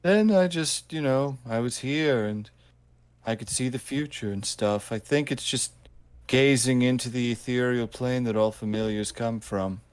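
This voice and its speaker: A man voicing a seer who sees visions of the future, speaking in a dry, deadpan, teasing way. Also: mid-range voice, measured pace, clear, resonant tone, dry recording, natural voice.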